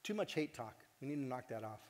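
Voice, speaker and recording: At a quick pace, the organization's director, a man with a mid-range voice, addresses a conference with heartfelt earnestness and animation. He jokes with the audience from time to time, and the hall adds long reverb.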